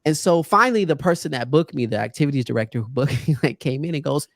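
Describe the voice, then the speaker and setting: A man who works as a speaker tells stories in a casual, animated way, often acting out other people in a raised voice. His voice sits fairly high for a man. He is on a close mic in a dry room. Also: fast talker, creaky, no room sound. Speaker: guest speaker. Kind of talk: casual storytelling. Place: podcast studio.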